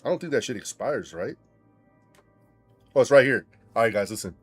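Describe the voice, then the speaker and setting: Animated, foul-mouthed man gaming. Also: mid-range voice, moderate pace, breathy edge, soft background music. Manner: animated, swearing storyteller. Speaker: gaming channel host. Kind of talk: casual commentary while playing a game.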